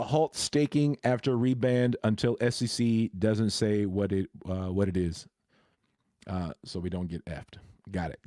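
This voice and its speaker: A man's voice: medium pitch, mellow, no room sound, studio quality. A man chatting casually on a crypto livestream, hesitant and full of fillers and restarts.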